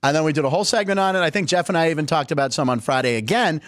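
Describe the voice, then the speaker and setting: A man's voice: a little high, racing, no echo, clean studio sound. A middle-aged man hosting a sports show, telling stories in a chatty, joking way. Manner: chatty, jokey, animated storytelling. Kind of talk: casual sports talk.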